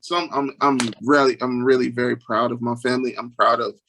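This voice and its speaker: A man being interviewed as a guest. He tells stories earnestly, restarts his sentences often, and jumps into high, lively voices when he quotes other people. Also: brisk, slight background noise. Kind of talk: storytelling interview.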